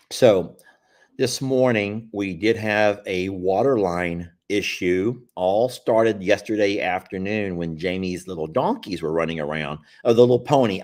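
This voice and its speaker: A middle-aged man, hosting a live stream in a folksy, rambling, casual way and chuckling often. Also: on the low side.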